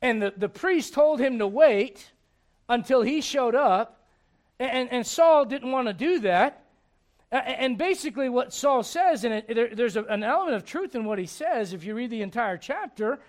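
A man's voice: very high voice, lively intonation, moderate pace. A male pastor preaching a sermon with emphatic storytelling and direct questions to the congregation.

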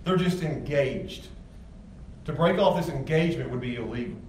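A man's voice: mid-range voice, normal speed, a little mellow, a little hiss or hum. A male pastor giving a sermon, talking to the congregation in an emphatic, conversational way with frequent restarts. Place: church sanctuary with congregation. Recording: echoey room, far from mic, faint ambience.

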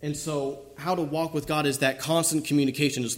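A young man giving an informal sermon and closing prayer, speaking haltingly with many fillers and restarts. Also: on the high side, fairly even intonation.

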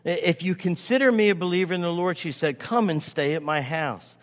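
A man's voice: high-pitched, normal speed. Emphatic preacher man in a reverberant hall. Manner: emphatic, repeats key phrases for stress. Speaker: pastor. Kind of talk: sermon.

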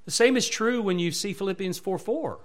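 A man's voice: high voice, expressive, brisk. A male pastor preaching a sermon with emphatic rises and falls, asking the congregation repeated questions.

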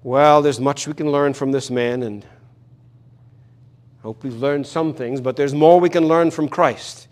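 A man's voice: mid-range voice, fairly even intonation, a little slow, darkish tone. A man preaching an expository sermon, earnest and emphatic, repeating key phrases for stress.

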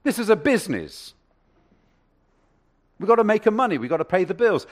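A woman's voice: mid-range voice, big pitch swings, a little fast, pitched above the performer's own voice, lightly acted. A man voicing a friendly woman coffee shop server during a sermon, firm about payment at first and generous later.

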